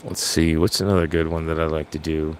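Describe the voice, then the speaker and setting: A man's voice: very deep voice, little pitch movement, fairly quick, slight background noise. A man casually chatting with his live viewers, rambling and joking at his own expense. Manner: self-deprecating, jokey, rambling. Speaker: livestream host.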